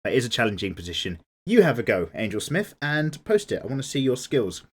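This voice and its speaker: A man's voice: medium pitch, sing-song, fairly quick, breathy edge. A man, chatting casually while drawing and answering viewer comments in a laid-back, playfully indignant way. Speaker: art YouTuber.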